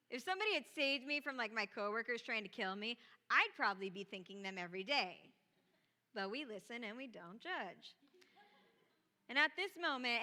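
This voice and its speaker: A woman preaching in a church auditorium, mixing scripture reading with chatty, lively storytelling. Her voice is bright and sits a little high, and a long hall reverb follows her words. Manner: lively storytelling, casual asides. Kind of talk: sermon.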